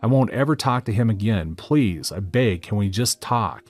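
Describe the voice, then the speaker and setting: A man's voice: lowish voice, expressive, moderate pace, dry recording. A man voicing a tearful young woman who begs her boyfriend, in a pleading way.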